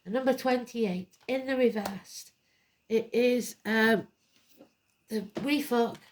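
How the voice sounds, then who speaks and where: A woman's voice: fairly high pitch, takes it slowly. A woman giving a live tarot card reading, blunt and emphatic, drifting into rambling asides. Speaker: tarot reader.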